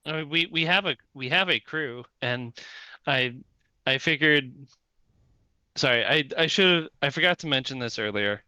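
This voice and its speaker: A man's voice: fairly high pitch, lively intonation, moderate pace, sharp tone, clear, resonant tone, dry recording, rough recording. A man playing a tabletop game, talking hesitantly with apologetic restarts. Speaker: player. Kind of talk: casual tabletop play.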